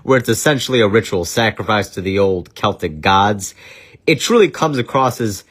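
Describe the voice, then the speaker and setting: A man's voice: fairly low pitch, animated, moderate pace, a bit bright, slightly rough. A man hosting a casual film review, joking crudely and swearing often. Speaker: movie review host. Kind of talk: casual profane film commentary.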